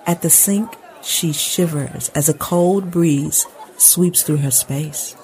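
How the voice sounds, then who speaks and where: A woman with a husky voice, reading scripted narration in a measured, descriptive way. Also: low voice, dark tone.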